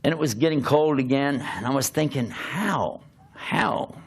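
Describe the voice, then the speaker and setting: An older man, a preacher, telling a humorous personal story in an animated, self-mocking way, often laughing as he talks. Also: medium pitch, quick pace.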